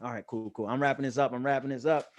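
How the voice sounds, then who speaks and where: A man giving a casual motivational talk to young people, energetic and joking, laughing often and using street slang. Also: mid-range voice, fast talker, muffled recording. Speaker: guest motivational speaker.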